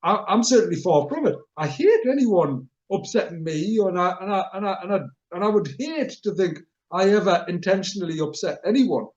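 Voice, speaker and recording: A man's voice: high-pitched, brisk, few pauses, lo-fi sound. A middle-aged man, hosting a casual chat show and telling an anecdote while chuckling at himself. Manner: animated storyteller, chuckles at himself. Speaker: radio show host.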